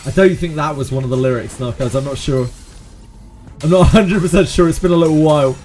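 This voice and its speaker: A man's voice: a little high, fast talker, darkish tone, faint music behind. A man with a Cornish accent chatting casually and laughing while he streams a video game. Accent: Cornish English. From Cornwall, England. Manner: chatty, laughs often, sings snatches of sea shanties. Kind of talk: casual gameplay commentary.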